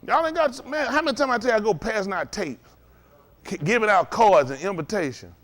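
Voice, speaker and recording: A man's voice: sits high, expressive, a little fast, a bit bright. A man preaching a loose, conversational sermon, chuckling often and asking the congregation to agree. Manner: chuckling, asks the congregation "ain't that right?".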